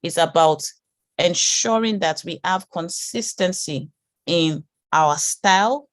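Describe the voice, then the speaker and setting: A woman teaching an online branding class in a calm, reassuring way, often repeating words as she thinks. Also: fairly low pitch, takes it slowly, no room sound, studio quality.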